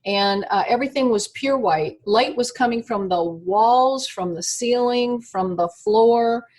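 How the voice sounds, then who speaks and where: A woman with a fairly high voice tells her story to an interviewer over an internet call. Her speech is animated and halting, full of fillers, restarts and stops to collect her thoughts. It sounds like a video-call connection. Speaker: interview guest.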